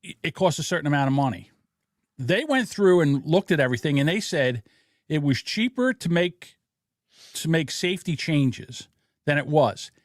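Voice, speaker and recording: A man's voice: a little high, moderate pace, no echo, studio quality. A man hosting a casual political podcast, telling blunt, profane stories about corporate greed. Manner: blunt, profane, animated storytelling. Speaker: podcast host.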